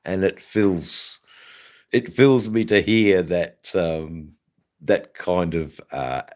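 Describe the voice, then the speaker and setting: A man's voice: sits low, takes it slowly, a little mellow. A man with an Australian accent, hosting a casual livestream chat and rambling with many hesitations and fillers. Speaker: channel host.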